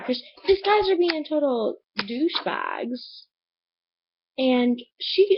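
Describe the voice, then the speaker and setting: A woman's voice: sits high, big pitch swings, takes it slowly, dull audio. A woman reviewing a book in a casual vlog, rambling and chatty with lots of fillers.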